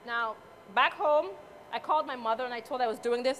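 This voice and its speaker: A woman from Saint Croix in the US Virgin Islands, with a Crucian Caribbean accent, gives a chatty live cooking demonstration and jokes with her audience in an event hall. Her voice is fairly high and fairly bright, she speaks fairly quickly, and a little hiss or hum can be heard.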